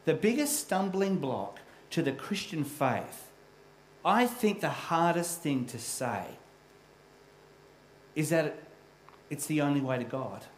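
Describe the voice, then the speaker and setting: A man's voice: a little high, expressive, slow pace, pauses often, roomy sound, slight background noise, poor audio. A middle-aged man preaching a sermon as a pastor, telling a personal story in a candid, self-deprecating way.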